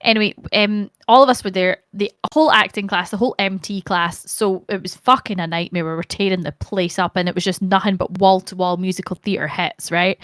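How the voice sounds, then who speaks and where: A Scottish woman, a podcast guest, telling stories in an animated way, laughing and swearing freely. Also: medium pitch, dry recording, clean studio sound. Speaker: podcast guest, actor and streamer. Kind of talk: casual chat.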